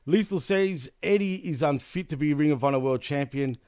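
A man's voice: fairly high pitch, moderate pace, a little mellow, clear, resonant tone, dry recording, studio quality. A male host recapping events in casual chat, laughing often.

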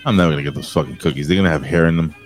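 A man's voice: very deep voice, rapid-fire, faint music behind. A man co-hosting a wrestling talk show, rambling and cursing while joking around. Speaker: wrestling podcast co-host. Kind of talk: casual chat.

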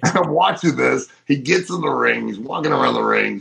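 A middle-aged man co-hosting a casual wrestling podcast, telling stories in an animated way and acting out what people said. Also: mid-range voice, a little fast, vocal fry, poor audio. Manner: animated storyteller, acts out quotes. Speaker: co-host.

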